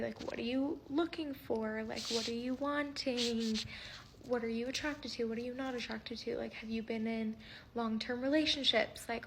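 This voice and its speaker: A woman's voice: on the high side, a little hiss or hum. A woman chatting through a dating story to camera, full of fillers and laughter. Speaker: vlogger.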